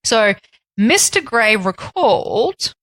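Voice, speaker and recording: A woman's voice: fairly high pitch, very animated, slow pace, a bit bright, dry recording, poor audio. A woman co-hosting a casual podcast, chatty and often laughing. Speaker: podcast co-host. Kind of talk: casual chat.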